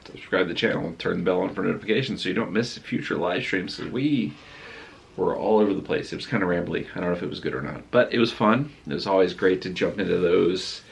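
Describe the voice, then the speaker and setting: A man's voice: low voice, fast talker, vocal fry, breathy edge. A man chatting casually as a vlogger in a rambling, self-deprecating way. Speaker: vlogger and live streamer. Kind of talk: casual vlog chat.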